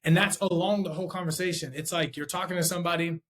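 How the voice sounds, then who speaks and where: A man's voice: on the high side, steady tone, quick pace, few pauses, a bit bright. Conversational male sales trainer. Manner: conversational, checks in with "okay?" and "right?"; thinks aloud with restarts, demonstrates tones. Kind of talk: unscripted instructional talk.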